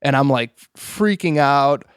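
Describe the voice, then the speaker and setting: Man, interview guest, earnest rambling storyteller, smooth resonant voice, dry close sound. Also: medium pitch, animated, takes it slowly, no echo. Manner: earnest, rambling, heavy use of "you know" and "like". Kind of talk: telling a personal story in conversation.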